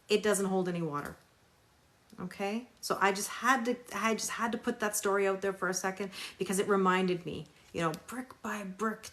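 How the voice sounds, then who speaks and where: A woman tarot reader on a live stream, talking emphatically, repeating phrases for stress and greeting viewers by name. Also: mid-range voice.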